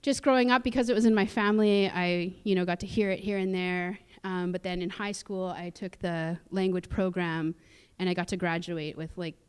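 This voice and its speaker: A woman's voice: on the low side, steady tone, normal speed, hardly any pauses, smooth. A woman from the Musqueam community in Canada, a guest speaker telling personal stories in casual chat, chatty with many fillers and restarts and frequent laughs, recorded on a theatre stage. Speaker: guest speaker at a cultural sharing.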